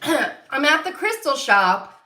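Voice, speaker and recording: A woman's voice: high-pitched, big pitch swings, takes it slowly, bright, forceful tone, echoey room. A woman hosting her own psychic channel, rambling through a personal story with lots of fillers and the odd swear word, getting emotional and near tears. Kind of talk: casual spiritual monologue to viewers.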